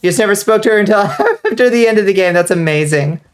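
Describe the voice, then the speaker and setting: A woman streaming a game live, chatting casually and rambling with lots of fillers, now and then breaking into excited outbursts. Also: mid-range voice, quick pace, smooth. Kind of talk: casual livestream chat while gaming.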